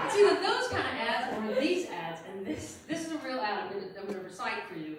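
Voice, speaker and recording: A woman's voice: high-pitched, very noisy. A woman doing a stand-up comedy set in a theater, with brash, bawdy, self-mocking punchlines. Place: theater stage with live audience. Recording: roomy live theater recording from far off. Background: audience laughter.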